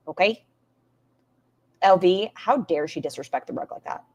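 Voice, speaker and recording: A middle-aged woman reacting to clips on a stream, sarcastic and full of animated asides. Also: medium pitch, normal speed. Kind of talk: casual commentary on clips.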